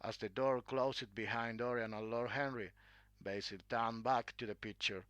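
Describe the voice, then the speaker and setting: A man narrating a classic story, reading in a clear, measured way. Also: mid-range voice, steady tone, fairly bright tone, no echo.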